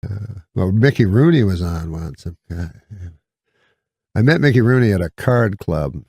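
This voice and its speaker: A middle-aged man telling a rambling deadpan anecdote with halting restarts as a comedian guest. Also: on the low side, vocal fry, husky. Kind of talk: casual anecdote on a podcast.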